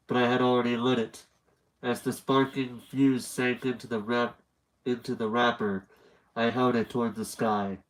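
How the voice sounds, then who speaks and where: This young man's slightly nasal, mid-range voice comes through poor audio as he reads horror fiction on a live stream. He keeps wandering into rambling, chatty asides and then picks the narration back up.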